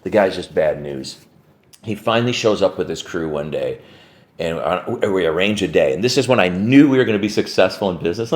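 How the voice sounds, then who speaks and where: A man's voice: deep voice, expressive, a little fast. A man who owns a warehouse business, telling a story to camera in a casual way, full of "like" and "right?" and free swearing.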